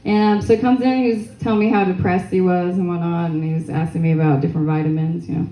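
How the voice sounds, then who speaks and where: A young woman working through a crude, self-mocking stand-up set with a rambling, loose delivery. Her voice is mellow and dark-toned, and it bounces around an echoey club room over a faint hiss. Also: on the low side, steady tone, fast. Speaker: stand-up comedian. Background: audience laughter.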